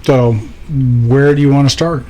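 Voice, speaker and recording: A man's voice: medium pitch, fairly even intonation, measured pace, warm tone. Easygoing joking man on a couch. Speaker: guest. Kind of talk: casual chat. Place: studio couch.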